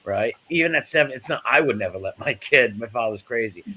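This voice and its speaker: A man's voice: mid-range voice, expressive, a little fast, sharp tone, breathy edge. A man chatting casually on a home show, telling long stories that wander. He stops and restarts often, padding his sentences with fillers, in an ordinary mid-range voice. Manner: rambling storyteller with many fillers and restarts. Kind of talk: casual chat.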